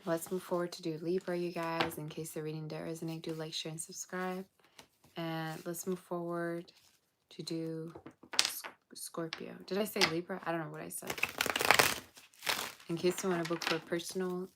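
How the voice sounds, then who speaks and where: A woman's voice: fairly low pitch, flat delivery, normal speed, very noisy. A woman giving a casual tarot reading, chatty and blunt with exasperated asides, sounding tired and yawning. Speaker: tarot reader.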